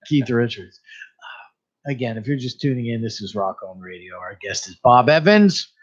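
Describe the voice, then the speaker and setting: A man's voice: medium pitch, animated, normal speed. A male radio host talks casually in his studio, laughing often and tripping over names as he reads the credits. His voice sits mid-range, and the broadcast recording sounds dull and lo-fi. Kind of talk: casual radio interview chat.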